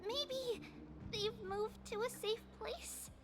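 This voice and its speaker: A woman voicing a calm young female mystic in a game who senses distant danger, speaking in a soft, measured, earnest way. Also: extremely high pitch, music in the background, exaggerated voice. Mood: worried. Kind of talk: game character dialogue.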